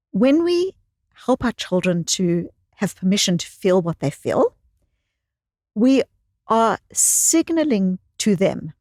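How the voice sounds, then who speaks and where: A woman's voice: mid-range voice, a little mellow, no echo. A woman psychologist speaks as an interview guest in a mid-range voice. She tells stories expressively and leans on repeated phrases for emphasis. The recording is close and dry, with no room sound. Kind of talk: conversational interview storytelling.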